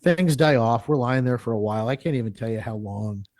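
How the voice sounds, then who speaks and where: A man's voice: medium pitch, brisk, no room sound. A man telling a long field story as a guest in a live interview, acting out what people said and often restarting his sentences. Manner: animated, acts out quoted speech; rambling with frequent restarts.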